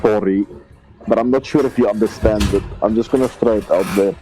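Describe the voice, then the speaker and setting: A man's voice: fairly low pitch, fast, dark tone, faint music behind, rough recording. A man with a South African accent, casually describing his character's moves in a tabletop game, hesitant with fillers. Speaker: player. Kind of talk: tabletop role-play chat.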